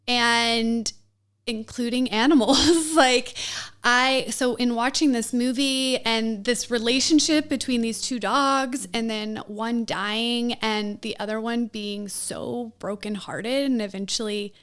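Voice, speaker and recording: Woman, podcast guest: slow, higher-pitched voice, emotional storytelling with laughs. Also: fairly bright tone, clear, resonant tone. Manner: emotional, laughs often, many fillers. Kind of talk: personal storytelling interview.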